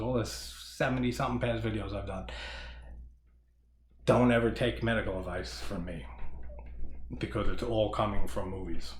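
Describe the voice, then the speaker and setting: A man's voice: mid-range voice, echoey room. A man giving a casual horror movie review who laughs often, swears casually and rambles.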